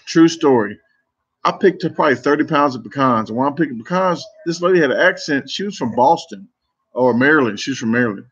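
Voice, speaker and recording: A man's voice: mid-range voice, animated, fast talker, fairly bright tone, breathy edge, lo-fi sound. Rambling man chatting on a live stream. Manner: rambling, self-interrupting storytelling. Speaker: competitive eater streamer. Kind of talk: casual live chat reading comments.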